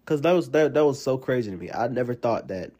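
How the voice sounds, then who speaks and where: A man with a Southern US accent from Alabama, hosting a casual solo podcast and telling rambling, animated stories full of fillers. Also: medium pitch, quick pace. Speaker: podcast host.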